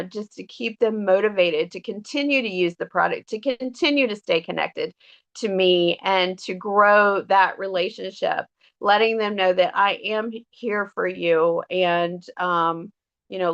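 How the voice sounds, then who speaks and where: A woman's voice: mid-range voice, creaky, a bit bright. Chatty woman, lo-fi sound. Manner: chatty, earnest, many fillers and restarts. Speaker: direct sales team member. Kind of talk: casual motivational talk. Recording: dull lo-fi audio.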